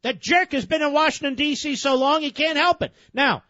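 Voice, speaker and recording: A man's voice: very high voice, a little fast, sharp tone, no echo. A man hosting a talk radio show, interrupting a played clip with sarcastic, combative commentary. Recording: dull lo-fi radio broadcast.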